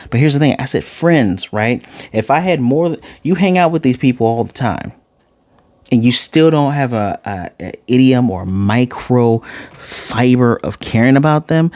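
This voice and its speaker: A man reviews an episode in a loose, ranting vlog voice, blunt and full of restarts. His pitch sits at an ordinary male middle, and the sound is close and dry with no room echo. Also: moderate pace. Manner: animated, blunt, swears, frequent restarts. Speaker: anime reviewer.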